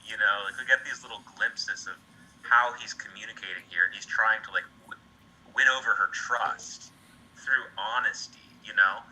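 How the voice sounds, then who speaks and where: Male co-host, analytical and halting, low bright voice. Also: poor audio. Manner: thoughtful, analytical, hesitant phrasing. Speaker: podcast co-host. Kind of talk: casual chat.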